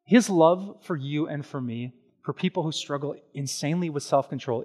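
Animated male pastor preaching. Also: on the high side, slightly rough. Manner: animated and conversational, with everyday examples and quick asides. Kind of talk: sermon.

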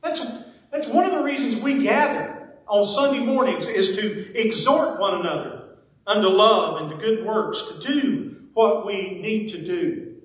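Folksy pastor in an echoey sanctuary. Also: male voice, high-pitched, a little slow. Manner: folksy, conversational preaching with playful asides. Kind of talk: sermon. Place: church sanctuary. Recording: very echoey church sanctuary, mic at a distance.

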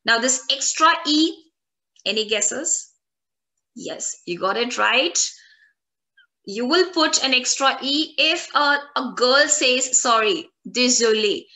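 A woman teaching a French lesson online, repeating each word slowly so learners can copy it. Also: sits high, expressive, bright, forceful tone. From India.

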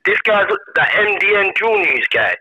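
A young man calling in by phone, loud and agitated, saying "G" constantly. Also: sits high, very animated, normal speed. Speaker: caller. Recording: phone line.

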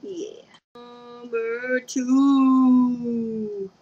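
A woman's voice: on the high side, steady tone, drawn-out words, mellow. A young woman rambling through a casual confession vlog at home, giggly and scatterbrained, often losing her train of thought. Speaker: vlogger. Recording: dull lo-fi webcam recording.

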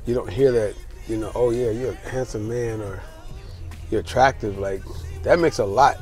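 A young American man casually telling a personal story as a travel vlogger, candid and animated, acting out the voices of people he quotes. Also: lowish voice, normal speed, soft background music. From United States.

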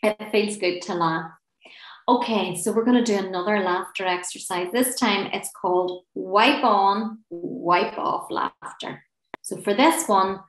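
A woman's voice: medium pitch, reverberant, poor audio. A woman leading a guided laughter and relaxation class, playful and encouraging, often giggling between instructions. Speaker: laughter and relaxation session leader.

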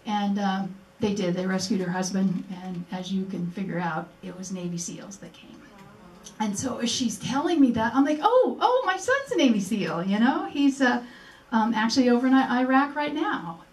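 A woman's voice: medium pitch, lively intonation, moderate pace. Older woman telling her story, echoey room. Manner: earnest, acts out remembered dialogue. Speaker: speaker at a memorial event. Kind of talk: personal storytelling speech. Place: museum presentation room. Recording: echoey room, mic at a distance.

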